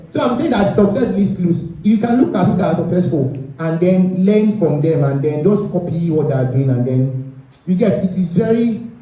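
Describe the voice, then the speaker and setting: A young man gives a conversational motivational talk, keeps checking in with his listeners, and sounds warm and dark. He sits a little off the mic in a large room with heavy echo. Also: high-pitched. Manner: conversational, often checks in with the audience. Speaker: guest speaker. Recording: echoey room, speaker far from the mic.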